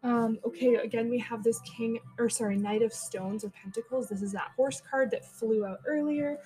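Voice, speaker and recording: Woman, podcast host, loose chatty tarot reading; higher voice, filler-heavy, casual swearing, restarts. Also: steady tone, normal speed, mellow, low-quality recording. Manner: thinks aloud, stumbles and restarts.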